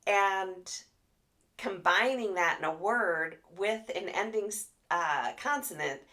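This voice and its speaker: A woman speech therapist giving a live training talk, animated and expressive as she demonstrates sounds. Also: mid-range voice, takes it slowly.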